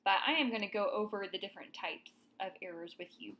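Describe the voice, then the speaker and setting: A woman's voice: mid-range voice, fast talker, a bit bright, poor audio. A woman teaching a grammar lesson, explaining in a friendly, casual way and checking in with her students.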